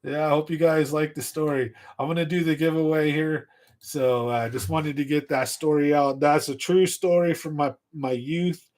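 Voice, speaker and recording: A man's voice: a little high, moderate pace. Rambling man telling a story on a livestream. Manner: rambling, animated storyteller who laughs at his own tale. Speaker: fishing channel livestream host.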